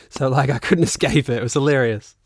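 A man in his thirties with a New Zealand accent, telling a long casual story as a podcast guest, animated, laughing and swearing freely. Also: a little high, husky, no echo, studio quality. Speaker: guest musician and actor.

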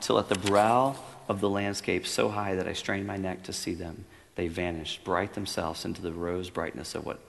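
A man's voice: fairly low pitch, vocal fry, in a large hall. A man giving an earnest, reflective sermon at a retreat, reading a story aloud. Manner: earnest, reflective, growing quiet and intimate. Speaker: retreat speaker. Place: room at a retreat.

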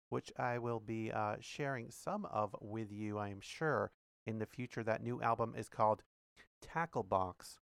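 A man hosts a podcast in a loose, chatty way, pausing on fillers and restarting sentences. He sits at a middle pitch. The recording is very dry, with no room sound. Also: creaky, fairly bright tone, clear, resonant tone, dry recording. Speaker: podcast host. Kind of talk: casual spoken commentary and reading aloud.

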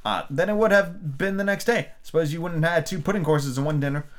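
A man's voice: fairly high pitch, quick pace, pitched above the performer's own voice, natural voice. A man voicing a polite, puzzled young girl who asks earnest questions.

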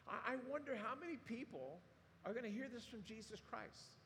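A man's voice: very high-pitched, lively intonation, normal speed, fairly bright tone. A man preaching a sermon, retelling the story animatedly and acting out quotes. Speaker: pastor. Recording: long hall reverb, faint room noise.

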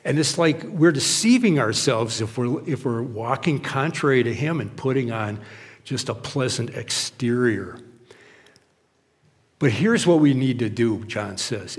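A man's voice: medium pitch, moderate pace. Man preaching a chatty sermon in a reverberant hall. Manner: conversational and anecdotal, acting out quotes. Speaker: pastor.

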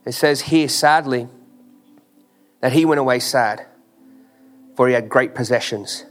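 Man preaching a sermon over soft music. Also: medium pitch, measured pace, long pauses. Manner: emphatic, repetitive preaching cadence with rhetorical questions; informal, drops into "ain't". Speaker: pastor.

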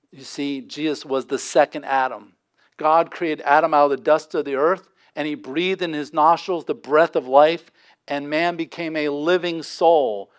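A man preaching a sermon as pastor, impassioned, with dramatic pauses and sudden drops to a hush. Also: a little high.

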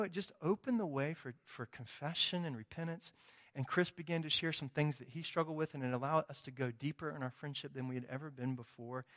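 A middle-aged man preaching a sermon, telling a personal story with quoted dialogue and frequent tag questions. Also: on the high side. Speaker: pastor.

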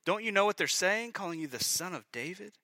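A man voicing indignant priests who scold Jesus, shouting and sarcastic in an exasperated rant. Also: sits high, lively intonation, fast talker, no room sound, pitched above the performer's own voice, exaggerated voice. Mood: angry, exasperated.

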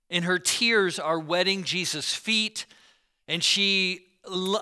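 Bright, clear-voiced storytelling pastor. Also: male voice, a little high. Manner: storytelling preacher who acts out the people in the story; casual asides to the congregation. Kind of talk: sermon.

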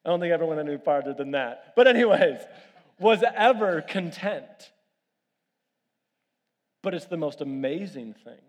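A man with a fairly high voice delivers a sermon, jumping between animated family anecdotes and quieter appeals to the congregation. His voice carries a long hall reverb, as if recorded in a large church. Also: moderate pace, long pauses. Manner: animated storytelling with audience questions. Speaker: pastor.

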